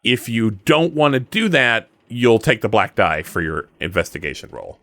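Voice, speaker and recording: A man's voice: fairly low pitch, moderate pace, no room sound. A man joking around and explaining the rules in a casual tabletop role-play. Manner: jokey, animated, explains rules plainly.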